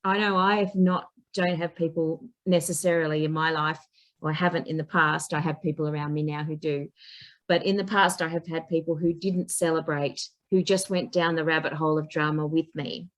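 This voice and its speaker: Animated woman coach telling stories. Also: deep voice, fairly quick. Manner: animated storyteller who acts out quotes. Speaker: coach and teacher, podcast guest. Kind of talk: casual chat.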